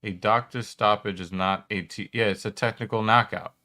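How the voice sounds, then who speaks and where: A man's voice: lowish voice, steady tone, normal speed, pushed and bright. A man co-hosting a casual watch party chat, cursing, laughing and arguing his point. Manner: profane, laughing, argumentative. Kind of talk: casual chat reacting to clips.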